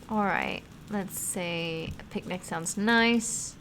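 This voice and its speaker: Expressive young woman streaming a text game. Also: mid-range voice, measured pace, hardly any pauses, a little hiss or hum. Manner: expressive, swears freely, reacts loudly. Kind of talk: reading a text game aloud with live reactions.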